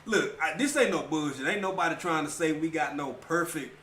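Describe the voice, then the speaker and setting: A man's voice: fairly high pitch, a little fast, roomy sound, crowd noise. A man with a Texan accent, co-hosting a casual livestream chat in a laid-back, slangy, laughing way. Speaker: livestream co-host.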